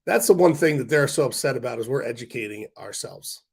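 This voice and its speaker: A man's voice: mid-range voice, lively intonation, fairly quick, gravelly, darkish tone, husky. Man, livestream host, congested and losing his voice, rambling, blunt, swears casually. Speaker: stock market livestream host. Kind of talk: casual livestream rant to viewers.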